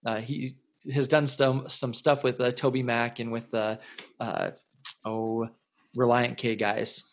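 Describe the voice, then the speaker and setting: A man's voice: medium pitch, little pitch movement, slow pace. Rambling man telling a story. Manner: rambling, repeats words, many fillers. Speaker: musician guest. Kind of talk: casual storytelling interview.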